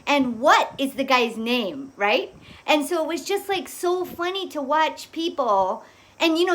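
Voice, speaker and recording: Middle-aged woman, fairly high voice, loose rambling storyteller. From Hawaii. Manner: rambling, with many fillers and frequent laughs. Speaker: vlogger. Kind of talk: casual storytelling monologue.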